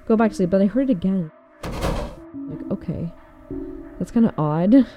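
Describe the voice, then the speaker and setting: A woman's voice: mid-range voice, expressive, a little slow, dark tone, faint music behind. Rambling young woman telling a story. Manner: rambling, filler-heavy, laughs often. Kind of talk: casual chat.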